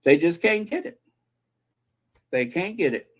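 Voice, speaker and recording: Lively, slow-talking chatty vlog host. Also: medium pitch, breathy edge. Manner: chatty and opinionated, sings snatches of old TV theme songs. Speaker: channel host. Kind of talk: casual chat.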